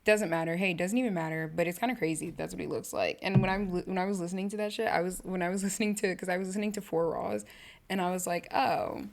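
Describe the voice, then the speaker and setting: A young woman hosting a casual solo podcast, rambling and cutting herself off, with lots of slang and sudden bursts of excitement. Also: on the low side, fast, gravelly. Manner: rambling, self-interrupting, slangy and animated. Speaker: podcast host.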